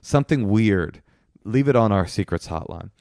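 A man co-hosting a casual podcast chats and jokes, retelling stories in an animated way. His voice is lowish, clear and resonant at a moderate pace, recorded with studio quality and no room sound.

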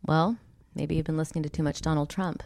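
A woman co-hosting a podcast, chatting casually and matter-of-factly, often trailing into quiet asides. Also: deep voice, steady tone, quick pace, vocal fry, no room sound, clean studio sound. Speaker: podcast co-host. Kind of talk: casual chat.

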